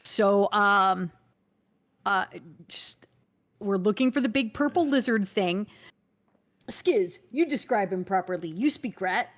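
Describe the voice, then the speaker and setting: Woman player, in character, earnest, middling pitch. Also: expressive, slow, long pauses. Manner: earnest, hesitant with fillers. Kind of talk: in-character tabletop role-play.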